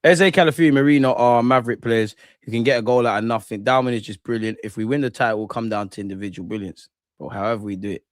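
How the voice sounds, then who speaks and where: A man's voice: mid-range voice, quick pace, dry recording. A young man, commentating a football match live and chatting with viewers in a slangy, ranting way. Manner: slangy, ranting, talks back to chat. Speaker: football watch-along streamer. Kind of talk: live casual commentary and chat.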